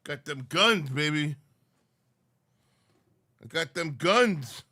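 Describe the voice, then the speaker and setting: A man's voice: on the high side, expressive, slow pace, bright, forceful tone, dry recording. A sleepy man hosting a livestream, chatting loosely with viewers and teasing them. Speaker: livestream host. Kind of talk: casual livestream chat.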